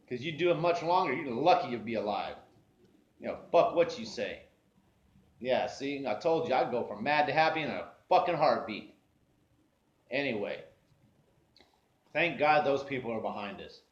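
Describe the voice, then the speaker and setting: A man livestreaming from indoors who talks bluntly and profanely and quickly flares into angry shouting. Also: mid-range voice. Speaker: livestreaming vlogger. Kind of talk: casual livestream rant. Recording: echoey room, dull lo-fi sound.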